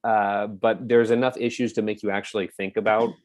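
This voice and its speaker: A man's voice: lowish voice, little pitch movement, a little fast, darkish tone, dry recording. A man being interviewed on a podcast, chatting casually and hesitantly, with many fillers. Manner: hesitant, full of fillers and restarts. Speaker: podcast guest, actor.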